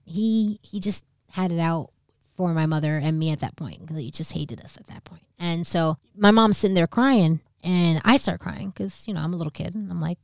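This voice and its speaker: A woman's voice: on the low side, creaky, darkish tone, no room sound, studio quality. A woman in her thirties casually telling a personal story on a podcast, candid and swearing, acting out the other people in it. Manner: candid, swearing, acts out quoted voices. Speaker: podcast co-host.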